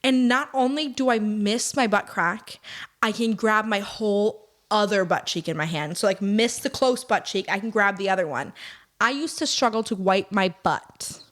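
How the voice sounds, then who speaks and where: A woman's voice: mid-range voice, normal speed. Chatty woman podcast co-host. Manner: chatty, candid storytelling. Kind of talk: casual chat.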